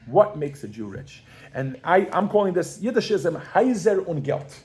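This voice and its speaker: A man teaching a Yiddish class in a classroom, lively and quizzing his students as he reads and explains phrases. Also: high voice, moderate pace. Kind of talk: classroom lesson.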